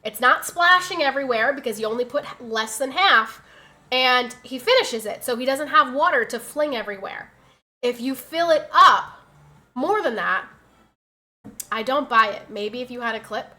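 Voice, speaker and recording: A woman streamer talking casually at her desk mic, her voice bright and a little high. She tells stories in a chatty, exasperated way and answers her chat as she goes. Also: animated, moderate pace. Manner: chatty, exasperated storytelling, reads chat aloud.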